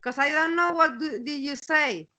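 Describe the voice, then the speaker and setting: Brief: woman English teacher, Spanish accent, high bright voice, unhurried, on a video call. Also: rough recording. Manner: repeats words while searching, checks with "okay?". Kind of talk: online class teaching.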